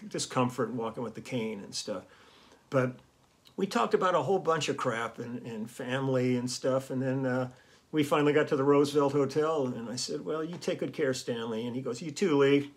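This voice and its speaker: A man's voice: medium pitch, normal speed. A man hosting his own vlog, telling a casual, rambling story with chuckles and fillers. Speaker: vlog host and musician.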